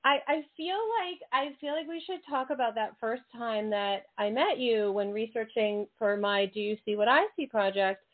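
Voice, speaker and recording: A woman hosting an interview show, bubbly and quick to laugh, talking eagerly with her guest. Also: a little high. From United States. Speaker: host. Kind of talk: casual interview chat. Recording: tinny phone-like sound.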